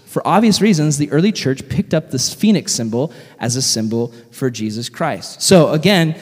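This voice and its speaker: Lively, joking male preacher in a hall. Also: fairly high pitch. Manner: energetic, joking, quizzes the audience. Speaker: youth speaker. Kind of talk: sermon.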